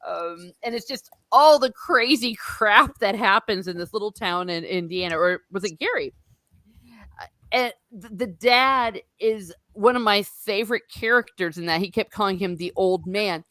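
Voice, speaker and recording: A woman's voice: medium pitch, moderate pace, dry recording, clean studio sound. A middle-aged woman hosting a podcast, chatting casually and retelling movie scenes with lots of laughter and acted-out lines. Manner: animated storytelling, frequent laughter, acts out movie lines. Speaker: podcast host. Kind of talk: casual chat.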